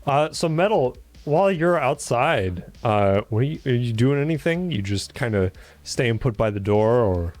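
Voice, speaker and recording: A man's voice: mid-range voice, animated, normal speed, darkish tone, no room sound. A man running a tabletop game, describing scenes in a loose way with lots of fillers. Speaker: game master. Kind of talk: casual tabletop narration.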